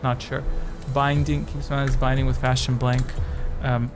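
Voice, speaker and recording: A man's voice: mid-range voice, level tone, normal speed, over music. A man hosting a live-stream quiz game, rambling chattily between questions with jokey asides. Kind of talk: casual live-stream chat.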